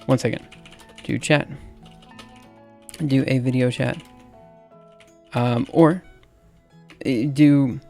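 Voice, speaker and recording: Halting man with a Southern accent. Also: medium pitch, steady tone, gravelly, mellow. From Alabama, US. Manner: halting, filler-heavy, laughs at himself. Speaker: livestreamer. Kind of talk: casual livestream chat while typing. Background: faint music and keyboard typing.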